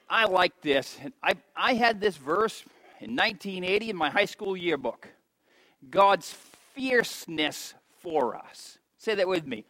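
A man in his fifties preaching an impassioned sermon in a church, swinging between soft, slow stretches and loud, emphatic repetitions. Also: on the high side, dry recording, rough recording. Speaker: pastor.

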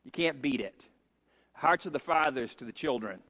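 A middle-aged man preaching a sermon as a pastor, emphatic and rising to shouts on key points. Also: medium pitch, animated, moderate pace. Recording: long hall reverb.

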